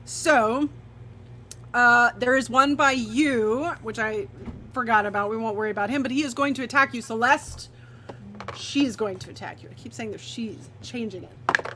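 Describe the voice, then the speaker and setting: A woman with a bright, fairly high voice runs a tabletop game as game master. She talks quickly between dice rolls and laughs often. A faint hiss of background noise sits under her voice.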